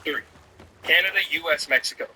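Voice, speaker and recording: A man's voice: fairly high pitch, brisk, far from the mic, noisy background. Joking man in a street quiz. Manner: joking, playful.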